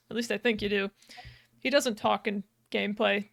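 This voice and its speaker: A young woman co-hosting a podcast retells a game's plot in casual chat, rambling and giggly, full of fillers and restarts. Her mid-range voice is unhurried and sharp with vocal fry, recorded on a podcast microphone with clean studio sound and no echo.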